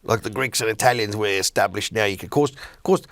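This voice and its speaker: An Australian stand-up comedian in middle age speaks bluntly and animatedly during a casual podcast chat, opinionated and full of stories. His voice is lowish and fast, recorded dry.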